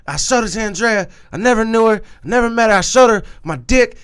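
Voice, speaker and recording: A man putting on a loud, brash braggart. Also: high voice, lively intonation, fairly quick, smooth, pitched above the performer's own voice. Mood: boastful. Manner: loud, boastful, raised voice.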